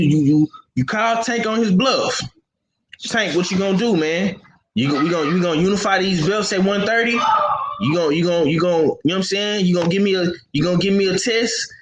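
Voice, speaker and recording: A man hosting casual boxing talk, animated and slangy, who repeats himself as he talks. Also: high-pitched, a little fast. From Houston. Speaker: boxing podcast host. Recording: echoey room with faint noise.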